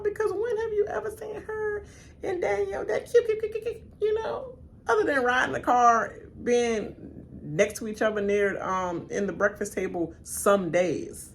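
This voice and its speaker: Gravelly-voiced woman reacting to a show. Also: moderate pace, a little hiss or hum. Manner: slangy, talks back to the screen; animated, pitch jumps high when emphatic. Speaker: reaction channel host. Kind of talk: live reaction commentary.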